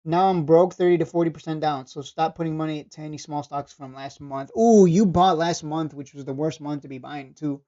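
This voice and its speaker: A man with a darkish, mellow tone chats loosely through a trading livestream. He is blunt and swears freely, laughing and stumbling over repeated words as he reads chat. The sound is dull and lo-fi. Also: a little high, flat delivery, brisk, few pauses. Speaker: stock trading streamer. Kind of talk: casual livestream commentary reading chat.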